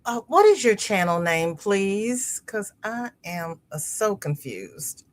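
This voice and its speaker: Woman, live-stream host, casual chat, reads comments, chuckles a lot, slow relaxed delivery. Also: mid-range voice. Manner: chatty, laughs often, repeats words. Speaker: livestream host.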